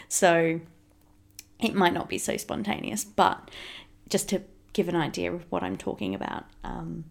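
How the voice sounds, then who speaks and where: Chatty laughing woman with gravelly fry. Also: lowish voice. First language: English. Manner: chatty, laughs often, rambling. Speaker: podcast co-host. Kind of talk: casual couple's podcast chat.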